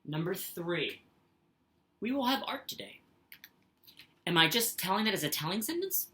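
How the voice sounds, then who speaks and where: A woman's voice: fairly low pitch, big pitch swings, moderate pace, long pauses, fairly bright tone. A woman teacher giving a recorded lesson, patient and sing-song, reading example sentences aloud with exaggerated expression. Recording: echoey room.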